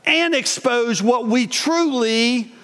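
A pastor preaches a sermon in a very high-pitched, slightly bright voice at a slow pace. He reads scripture aloud and breaks into earnest, conversational asides, with a long hall reverb on the recording.

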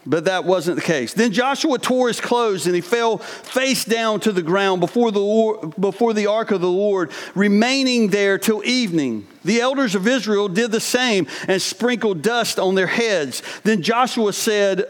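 A man's voice: high voice, a little slow, hardly any pauses. A man preaching a sermon, reading scripture aloud and breaking into earnest, conversational asides. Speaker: pastor. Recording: long hall reverb.

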